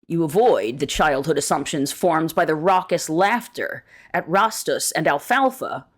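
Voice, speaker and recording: A woman reading an essay aloud in a measured, deliberate way, slowing down to stress key words. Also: low voice, animated. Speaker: reader of an essay.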